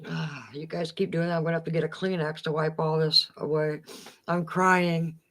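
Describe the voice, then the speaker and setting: A woman's voice: deep voice, flat delivery, fairly quick. A woman co-hosting a live stream, giggling often and reading viewer comments aloud in casual chat. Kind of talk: casual late-night chat.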